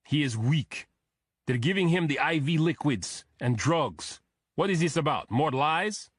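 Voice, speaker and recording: A hulking Russian bodyguard, blunt and stonewalling, with a thick accent, as a male audiobook narrator puts him on. He talks higher and louder than the narrator, bristling behind a husky edge. The room is dry and close. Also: expressive, measured pace, dry recording. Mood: defensive.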